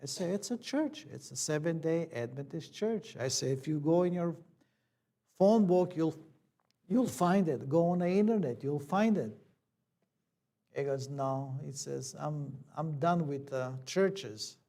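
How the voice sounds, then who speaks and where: A man's voice: on the high side, unhurried, creaky, dark tone. A man, a church elder, telling a personal story in a plain conversational sermon, acting out the dialogue.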